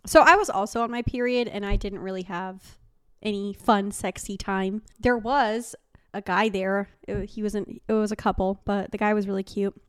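A young woman co-hosting a podcast, chatting candidly and throwing in quick teasing remarks with laughs. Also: medium pitch, fairly even intonation, clean tone, no echo, studio quality. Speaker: podcast co-host. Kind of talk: candid casual chat.

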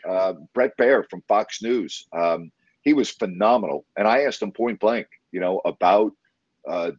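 A man's voice: lowish voice, dry recording, highs cut off. A man who works as a broadcast interviewer, telling stories in casual conversation, rambling and enthusiastic, with many restarts.

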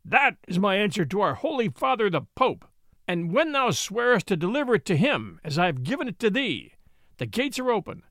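A man's voice: sits high, big pitch swings, a little fast, fairly bright tone, no room sound, clean studio sound, heavily acted. A man voicing a cruel, hot-tempered robber baron who roars his commands and mocks. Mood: scornful. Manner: roaring, commanding.

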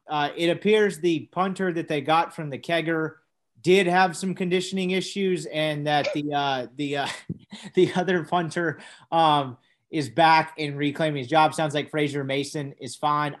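Higher-voiced man chatting about football. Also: fairly even intonation, normal speed. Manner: conversational, asks his co-host questions. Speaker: podcast co-host, sports reporter. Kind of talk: casual sports podcast chat.

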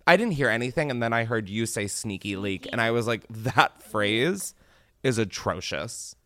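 A man hosting a podcast in casual chat, joking and animated, his voice jumping from loud squeals down to low mutters. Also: fast. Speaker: podcast host.

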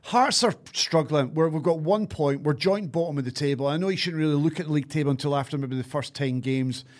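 A man's voice: on the high side, brisk. A Scottish man hosting a football podcast, steadily presenting the running order and reading sponsor lines. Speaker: podcast host.

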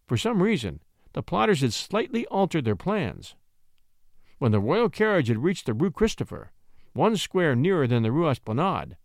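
Expressive male storyteller, very animated. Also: a little high, no room sound, studio quality. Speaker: narrator. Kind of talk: audiobook narration of a classic story.

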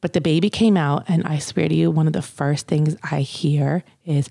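A woman's voice: sits low, steady tone, normal speed, gravelly, hardly any pauses, warm tone, no echo, clean studio sound. A young mother casually telling her birth story, candid and chatty, swearing now and then and acting out what others said.

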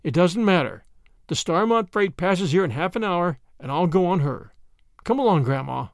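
A man voicing a courteous, secretive stranger who speaks calmly and politely, in a storybook reading. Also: high voice, normal speed, no room sound, clean studio sound.

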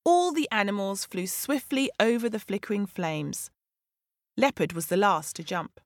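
A woman storyteller narrating a folk tale for children in an animated, dramatic way with sweeping rises in pitch. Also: normal speed, no echo, clean studio sound.

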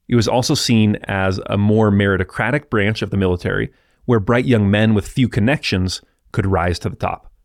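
Low-voiced man explaining history casually. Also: no echo, clean studio sound. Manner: relaxed, explanatory, with asides to the listener. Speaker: history podcast host. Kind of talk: conversational history narration.

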